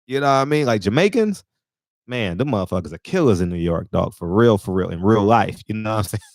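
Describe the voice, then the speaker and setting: A man's voice: lowish voice, animated, quick pace, dry recording. A man hosting a casual live stream, rambling loosely between laughs and talking to his viewers on a phone. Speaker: live-stream show host.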